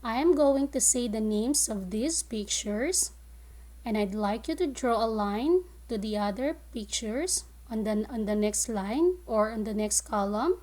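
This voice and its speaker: A woman teaching a phonics lesson to young children, modeling words clearly and slowly and giving praise. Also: a little high, animated, a little mellow. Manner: slow, clear, drawn-out word modeling with praise. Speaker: kindergarten teacher.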